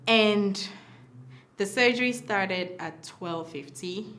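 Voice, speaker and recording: A woman's voice: takes it slowly, a little hiss or hum. A young woman telling a personal story in a casual way, acting out the voices of the people she quotes. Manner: animated, acts out quoted dialogue with big pitch swings. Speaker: mother telling her birth story.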